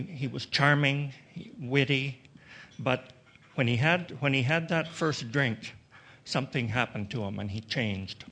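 A middle-aged or older man from Western Canada shares his own story with a gathered audience at a recovery meeting. His pitch is squarely in the ordinary male range with a fairly bright tone, and he speaks reflectively and haltingly. He often restarts sentences and adds dry humor.

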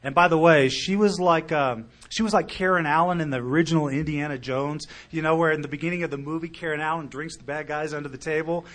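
A middle-aged man shares his story before a group, his voice sitting a little high for a man. He talks animatedly, acting out what other people said and dropping from loud bursts to near mutters. The delivery is personal and conversational. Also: fairly even intonation, fast, hardly any pauses. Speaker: speaker sharing recovery story. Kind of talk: storytelling talk at a recovery meeting.

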